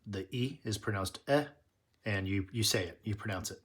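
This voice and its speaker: A man with a lowish, slightly bright voice with a breathy edge talks at a moderate pace as he hosts his tool channel. He works through an unboxing in a chatty, nerdy way, frequently correcting himself.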